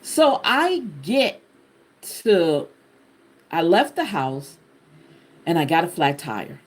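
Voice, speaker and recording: A woman host telling a personal testimony to her viewers in an animated, expressive way, talking to them directly. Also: on the low side, slow, long pauses. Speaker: channel host sharing a personal story.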